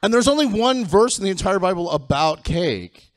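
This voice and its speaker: A man's voice: sits high, sing-song, normal speed, no room sound. A middle-aged man performing a stand-up comedy set on a theatre stage, campy and self-deprecating, with punchy lines and frequent giggles.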